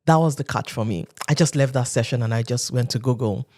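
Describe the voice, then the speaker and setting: A woman's voice: a bass voice, fast, a little mellow. Woman from nigeria, 30s, chatty storyteller, acts out quotes, laughs a lot. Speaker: guest. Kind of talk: casual interview talk.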